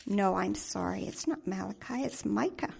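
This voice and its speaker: A woman preacher telling a story in a sermon, in a dramatic and expressive way. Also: mid-range voice, normal speed, creaky, slightly rough.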